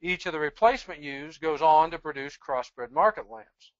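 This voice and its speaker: A presenter giving a webinar lecture on sheep breeding in a measured, explanatory, plain-spoken way. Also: medium pitch, animated, dry recording, lo-fi sound.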